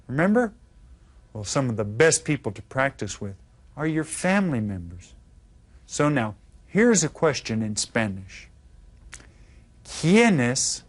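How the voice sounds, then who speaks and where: A man leads a children's Spanish lesson at an unhurried, deliberate pace. He is upbeat and coaxing, drawing out each new word and inviting the class to repeat it. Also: medium pitch. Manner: upbeat, coaxing, repeats words slowly for pupils. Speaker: Spanish teacher. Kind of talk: scripted children's language lesson.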